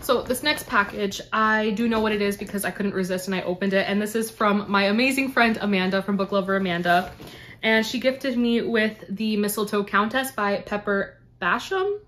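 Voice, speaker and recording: On her book channel, the young Canadian woman gushes over birthday presents as she unboxes them in a casual chat to camera. Her mid-range voice is steady and a bit bright at a normal speed, with a little hiss or hum in the recording.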